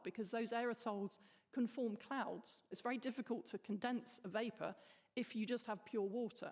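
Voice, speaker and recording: A woman's voice: medium pitch, darkish tone. A woman chemist explaining in a casual panel chat, laughing now and then. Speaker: atmospheric chemist guest. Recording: reverberant hall.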